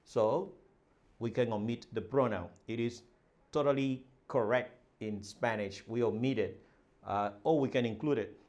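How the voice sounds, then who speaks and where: A man teaching a language lesson at a measured, patient pace. He reads short dialogue lines and translates each one, pausing often with fillers and restarts. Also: medium pitch, a little mellow, lo-fi sound. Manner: explains slowly with many fillers and restarts.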